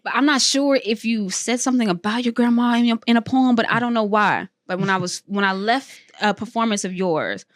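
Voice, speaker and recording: A woman's voice: a little high, a little fast, hardly any pauses, no echo, clean studio sound. A woman hosting a casual interview, encouraging and chiming in with frequent affirmations. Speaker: podcast host.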